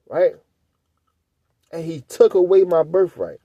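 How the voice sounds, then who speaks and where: A man's voice: on the high side, lively intonation, slow, long pauses, dark tone, slightly rough, no echo. A man leading a casual scripture study, reading verses aloud and breaking into loose, blunt commentary that he often ends with a questioning "right?". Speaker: Bible teacher.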